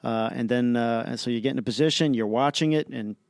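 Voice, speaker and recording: A man recounts an experience in an animated, play-by-play way, full of fillers and quick restarts. His voice is smooth and resonant at a middle pitch. The sound is dry and close, with no room around it. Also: no room sound. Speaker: astronaut guest. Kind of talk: casual storytelling in an interview.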